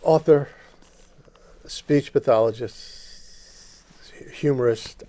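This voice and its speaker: Earnest host with a dark voice. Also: male voice, medium pitch, no room sound. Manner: earnest, halting, many restarts. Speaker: talk show host. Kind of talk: studio interview.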